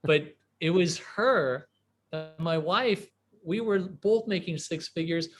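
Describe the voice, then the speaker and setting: A man in his forties, from a small town in the American Midwest, speaks as an interview guest. His voice sits a little high for a man. He tells his story in a casual, rambling way, full of fillers, restarts and animated quoted dialogue. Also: takes it slowly, faint music behind. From US Midwest, small town near Chicago. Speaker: guest entrepreneur.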